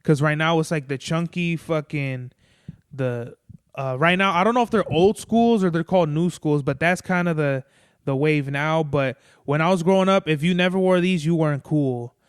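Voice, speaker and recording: A man's voice: a little high, normal speed, clear, resonant tone, no room sound, clean studio sound. A man hosting a podcast, rambling in casual chat, swearing often and peppering his talk with "like" and "bro.". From Mexican-American family. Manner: rambling, profane, lots of "like" and "bro". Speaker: podcast host. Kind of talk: casual solo monologue.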